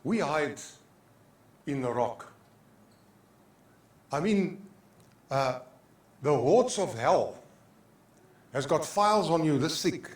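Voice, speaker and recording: A man's voice: a little high, lively intonation, slow, long pauses. An older man with a South African accent preaching a sermon as pastor. He preaches with passion, repeats his phrases and slips into Afrikaans. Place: church sanctuary. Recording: echoey church hall.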